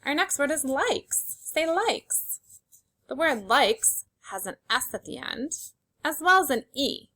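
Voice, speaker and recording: With a high, expressive voice and a bright, forceful tone, a young adult woman teaches young kids phonics. Each letter sound comes out slow and clear, followed by cheerful encouragement.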